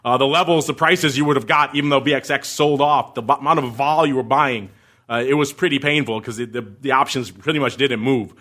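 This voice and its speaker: A man's voice: mid-range voice, a little fast, sharp tone. A man hosting a podcast in casual chat, joking and laughing as he reads listener messages. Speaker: podcast host.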